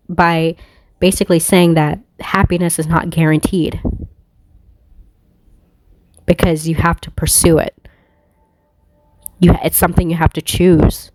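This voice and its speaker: A woman with a lowish voice muses aloud in a loose spiritual monologue as a tarot reader. She rambles, swears freely and laughs at her own thoughts. The sound is dry and close. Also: little pitch movement, a little slow, pauses often, a little mellow, no room sound. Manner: rambling, profane, laughs often.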